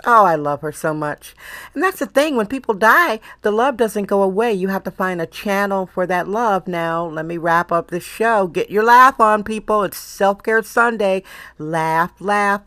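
A woman's voice: mid-range voice, a bit bright, dry recording, clean studio sound. A woman from Wisconsin hosting a podcast in a casual, chatty monologue, often laughing and repeating herself. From Milwaukee, Wisconsin, US. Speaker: podcast host.

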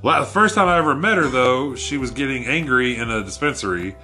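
A man's voice: mid-range voice, lively intonation, a little fast, sharp tone, faint music behind. A man casually telling a rambling, profane story in a chatty podcast, laughing as he goes.

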